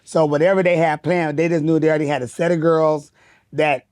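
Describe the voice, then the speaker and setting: Animated drag queen telling stories. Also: fairly high pitch, a little fast, clean tone, no echo, clean studio sound. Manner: animated, acts out quotes in raised voice. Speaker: guest, drag performer. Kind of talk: casual interview storytelling.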